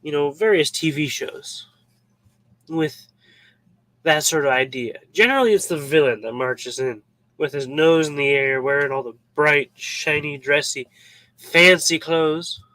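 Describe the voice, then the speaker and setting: A man's voice: fairly high pitch, a little slow, pushed and bright, no echo, rough recording. A man giving a casual devotional Bible talk, informal and joking, acting out little scenes as he explains. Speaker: Bible teacher.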